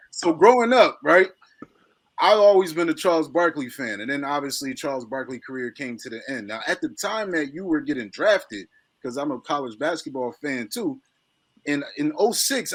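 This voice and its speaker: A man's voice: on the high side, breathy edge. A man hosting a casual sports podcast, asking rambling questions as an eager fan. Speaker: podcast host.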